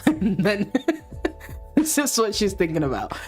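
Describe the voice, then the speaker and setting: A woman's voice: lowish voice, expressive, moderate pace, darkish tone, soft background music. Playful woman commenting on gameplay. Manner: chatty, playful, talks to viewers. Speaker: let's play host.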